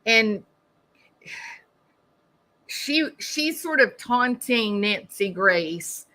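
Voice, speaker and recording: A woman's voice: on the high side, animated, drawn-out words, pushed and bright. A middle-aged woman hosting a true crime live stream, chatting casually, reading viewer comments and laughing at her own jokes.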